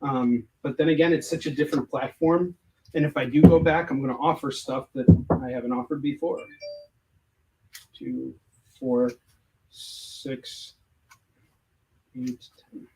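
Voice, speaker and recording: A man with a fairly high voice chats casually on a livestream Q&A. He jokes and stays animated while he counts stock aloud between remarks. A faint hiss sits under his voice. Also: measured pace, pauses often, rough recording. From United States. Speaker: comics creator hosting a livestream Q&A.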